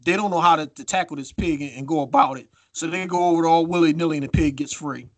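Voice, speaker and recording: A man's voice: fairly high pitch, quick pace, dry recording. Profane storytelling man, dry mic. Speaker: podcast co-host. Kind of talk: casual podcast chat.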